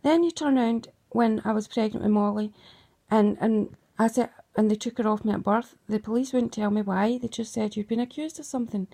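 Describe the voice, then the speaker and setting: A middle-aged woman with a fairly high voice goes over old grievances with her daughter. She talks in an emphatic, accusing way and keeps pressing with "right?". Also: steady tone, normal speed, vocal fry, mellow. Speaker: mother. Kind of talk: emotional recounting monologue.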